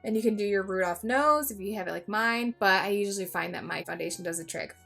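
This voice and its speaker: A woman's voice: medium pitch, quick pace, creaky, a bit bright, soft background music. A woman giving a casual makeup tutorial, chatty and jokey, swearing freely and mocking herself. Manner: self-mocking asides. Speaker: beauty vlogger.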